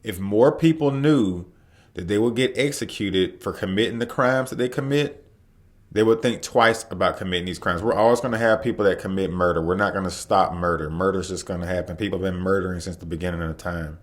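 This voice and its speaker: Deep-voiced man giving blunt commentary. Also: fairly quick. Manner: blunt, emphatic, punches key words. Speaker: commentary host. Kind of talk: opinion commentary.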